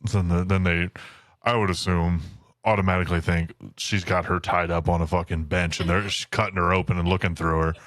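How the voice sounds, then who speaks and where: Deep-voiced man, blunt and laid-back. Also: level tone, brisk, fairly bright tone, dry recording. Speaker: podcast co-host. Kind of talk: casual book discussion.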